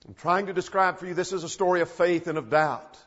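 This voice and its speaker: A man preaching an expository sermon, retelling the text with emphatic rises and soft drops. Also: sits high, fast. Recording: dull lo-fi recording in a reverberant church hall.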